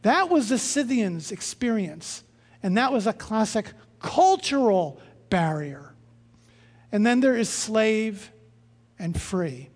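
A pastor preaching a sermon in an emphatic way, with pitch and loudness rising and dropping for stress. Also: very animated, slow pace. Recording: long reverb of a large hall.

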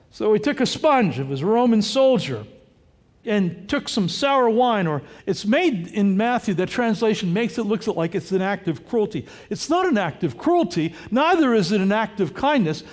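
Male pastor, very high voice, emphatic verse-by-verse sermon delivery. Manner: explanatory, emphatic, rises to loud cries on quoted words. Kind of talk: sermon with running scripture commentary.

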